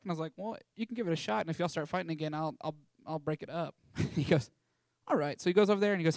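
Animated young man telling a story. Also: a little high, racing, vocal fry, few pauses, no room sound. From Texas. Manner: animated, acts out voices in his stories. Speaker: ministry school student sharing a testimony. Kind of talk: storytelling talk to an audience.

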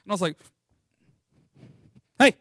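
A young man tells a story to an audience in an animated, playful way, switching into the voices of the people he describes. His voice sits slightly high for a man. The sound is dry and close, with little room reflection. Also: fairly quick, no room sound. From Texas. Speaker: ministry school student sharing a testimony.

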